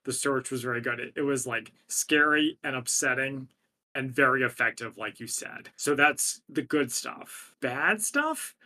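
A man's voice: medium pitch, unhurried, bright, forceful tone. A man co-hosting a podcast, chatting casually about a film and reading facts and quotes aloud. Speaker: podcast co-host. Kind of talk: casual chat.

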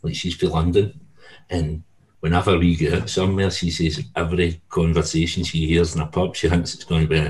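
A man's voice: deep voice, level tone, a little fast, a little mellow. A Scottish man hosting a podcast, chatting in a friendly way with his guest. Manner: friendly, chatty, short backchannels. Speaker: podcast host. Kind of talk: casual interview chat.

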